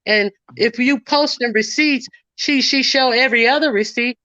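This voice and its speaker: A woman's voice: fairly high pitch, normal speed, sharp tone, no room sound, highs cut off. A woman giving casual ranting commentary, indignantly retelling online arguments and acting out what others said. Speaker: commentary streamer.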